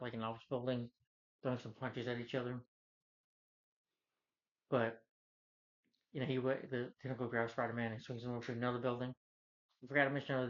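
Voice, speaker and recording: Rambling man in a lo-fi film review. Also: mid-range voice. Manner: rambling, filler-heavy plot retelling.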